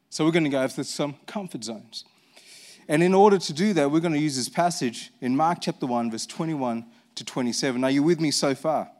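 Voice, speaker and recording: High-voiced male pastor preaching. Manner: conversational, rhetorical questions to the congregation. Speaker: senior pastor. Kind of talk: sermon.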